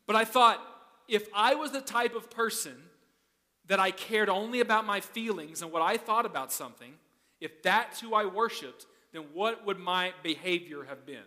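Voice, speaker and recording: A man's voice: high voice, moderate pace, pushed and bright, big-room sound. A male pastor preaching a sermon in a conversational way, often asking the congregation questions.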